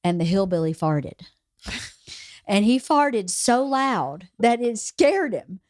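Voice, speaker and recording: A woman hosting a podcast, telling a story in a lively, casual way and laughing as she goes. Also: medium pitch, slow pace, dry recording, studio quality. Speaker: podcast host.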